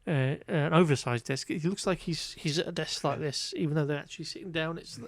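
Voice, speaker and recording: A man's voice: on the high side, brisk, no room sound, clean studio sound. A man co-hosting a casual podcast, recapping a film in a wry, exasperated way with lots of fillers. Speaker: podcast co-host. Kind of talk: casual chat reviewing a film.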